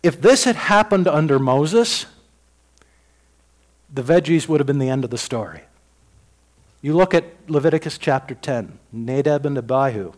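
A man delivering a sermon with a somewhat high-pitched voice. He talks in a folksy, conversational manner, voicing dialogue himself. He rises to loud bursts and then drops to quiet asides. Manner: swings between loud bursts and dropped-voice remarks. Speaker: preacher.

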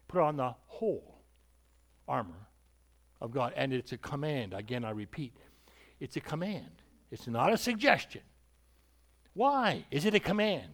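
Male preacher, sermon, emphatic, animated pitch, slightly higher voice. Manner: emphatic, repetitive, with rhetorical questions.

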